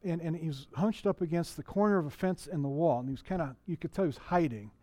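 A middle-aged male pastor delivers a sermon in a relaxed, conversational way, often restarting his sentences and putting questions to the congregation. His voice sits a little high for a man. The sound is dry and close, with little room echo. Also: fast. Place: church.

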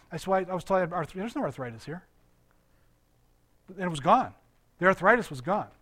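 A man's voice: high voice, fairly bright tone. An older man, a pastor, giving a conversational sermon, laughing often and quizzing his congregation.

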